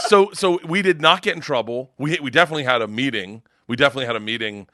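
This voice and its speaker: A male comedian guest telling a profane, animated story on a podcast, laughing as he goes. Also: medium pitch, fast, few pauses.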